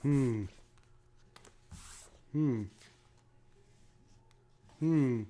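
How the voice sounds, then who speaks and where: A man's voice: medium pitch, extremely slow, dark tone. A man unboxing a board game, casually thinking aloud to himself and counting pieces under his breath.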